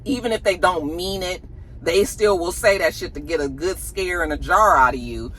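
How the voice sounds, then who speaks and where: A woman's voice: lowish voice, moderate pace, fairly bright tone, slight background noise. A woman, chatting casually about celebrity gossip to her viewers in a sassy, slangy way.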